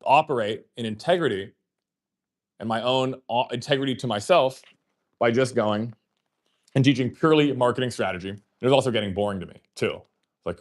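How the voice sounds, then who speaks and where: The host of this livestream talks fairly quickly with a voice on the low side, telling a lengthy, meandering story. He swears, leans on fillers and voices the conversations he recalls.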